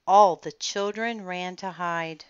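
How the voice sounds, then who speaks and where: A woman reading a children's storybook aloud at a slow, deliberate pace. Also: lowish voice, steady tone, clean tone, no echo, highs cut off. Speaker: children's book reader.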